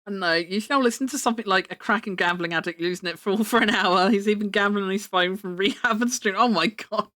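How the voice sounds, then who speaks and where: A woman's voice: medium pitch, fast, few pauses, fairly bright tone. A young woman chatting casually on her live stream, rambling and laughing often.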